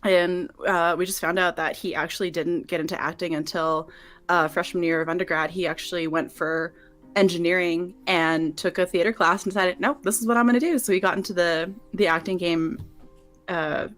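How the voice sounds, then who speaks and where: A woman from New Mexico tells a story on a livestream, animated and quick to laugh. She acts out quotes as she goes. Her voice sits low, with faint music playing behind her. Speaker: guest.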